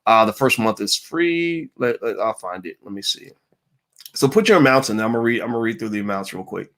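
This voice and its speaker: A man's voice: lowish voice, animated, fairly quick, fairly bright tone. A middle-aged man hosting a casual livestream Q&A, reading viewer comments aloud in an upbeat way with frequent fillers. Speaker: host answering viewer questions.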